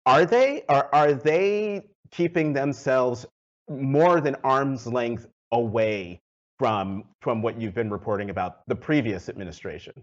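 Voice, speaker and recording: A man's voice: medium pitch, a little slow. Male interview host, conversational, laughs easily, muffled lo-fi remote audio. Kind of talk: hosting a news interview.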